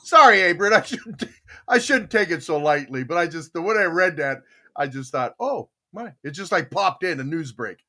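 Middle-aged male host, slightly high, bright, joking storyteller. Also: lively intonation, normal speed. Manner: jokey, laughs often, rambling storyteller. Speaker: show host. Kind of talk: casual morning chat show.

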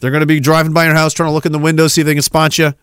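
A man's voice: fairly high pitch, monotone, racing, fairly bright tone, clean tone, dry recording, studio quality. A man hosting a livestream podcast, ranting sarcastically, laughing at his own riffs and reading chat comments aloud. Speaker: podcast host.

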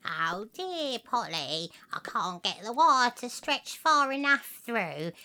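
A woman's voice: a little high, big pitch swings, slow, pushed and bright, a little hiss or hum, exaggerated voice. A woman playing a cooing fussy old lady. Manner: cooing, sing-song baby talk. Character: doting fussy old lady pet owner.

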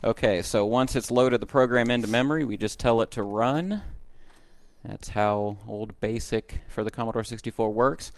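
A man's voice: mid-range voice, moderate pace. A man hosting a podcast, casually explaining old computer music tech step by step with enthusiasm. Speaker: podcast host. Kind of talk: casual podcast chat and demo.

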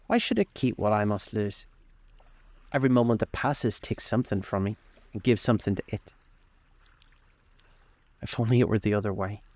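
A man voicing an anguished, vain young man in a storybook reading, his voice pitched up and pleading. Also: a little mellow, natural voice. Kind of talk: audiobook character voice.

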